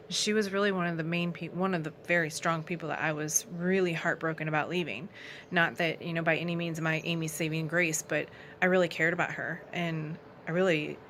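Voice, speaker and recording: Brief: low-pitched young woman, earnest conversational faith testimony. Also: a bit bright, slight background noise. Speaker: outreach ministry founder.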